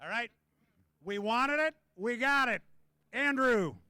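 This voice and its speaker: A man calling live boat race commentary, excited and shouting as the action peaks. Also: very high-pitched, takes it slowly, smooth. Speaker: race announcer.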